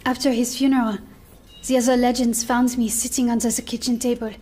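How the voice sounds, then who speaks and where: A woman playing a shy young woman, high voice. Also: little pitch movement, darkish tone, close to an everyday voice. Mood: somber. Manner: hesitant, halting. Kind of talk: game cinematic acting.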